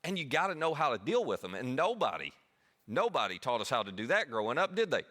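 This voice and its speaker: A man's voice: medium pitch, very animated, fast, pushed and bright. A man preaching a sermon as pastor, talking conversationally and poking fun at himself. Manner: conversational, self-deprecating.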